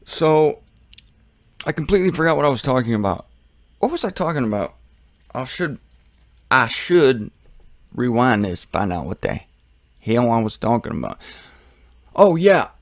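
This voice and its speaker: A man's voice: mid-range voice, sing-song, measured pace, vocal fry, long pauses, no room sound, studio quality. A man giving casual Bible teaching, rambling and joking with self-deprecating asides.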